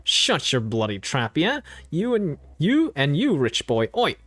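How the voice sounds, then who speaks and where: A streamer doing a brash, rough-talking young brawler. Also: medium pitch, huge pitch swings, a little slow, a bit bright, no room sound, faint music behind, exaggerated voice. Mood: belligerent. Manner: blunt, cocky, swearing.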